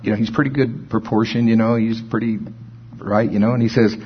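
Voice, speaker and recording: A man preaching an informal sermon in a conversational way, with slow, deliberate scripture reading and a husky voice. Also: lowish voice, fairly even intonation, muffled recording, slight background noise.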